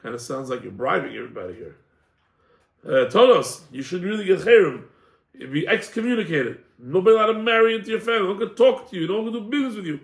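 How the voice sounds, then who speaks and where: High-voiced rabbi teaching in an echoey room. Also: male voice, fast talker. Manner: animated, acts out the people in his stories. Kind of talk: casual Torah class with storytelling.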